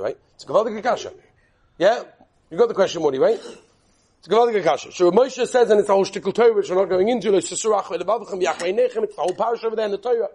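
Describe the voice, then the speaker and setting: A man teaching a Torah class as an animated sermon, mixing in Hebrew and Yiddish terms and quizzing his listeners. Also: extremely high pitch.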